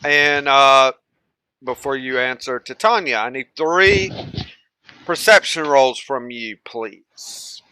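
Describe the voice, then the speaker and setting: A young man narrates a homebrew tabletop game as its game master. He talks slowly, stopping often on fillers and restarts. His voice is bright with a tight edge. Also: mid-range voice, smooth, dry recording, low-quality recording. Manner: slow, halting narration with fillers.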